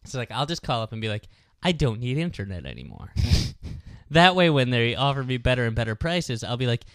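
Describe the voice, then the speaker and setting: Podcast host, male, deadpan storyteller, smooth voice, dry close mic. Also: mid-range voice, a little fast, no room sound. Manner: deadpan, acts out both sides of a phone call. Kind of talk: casual storytelling chat.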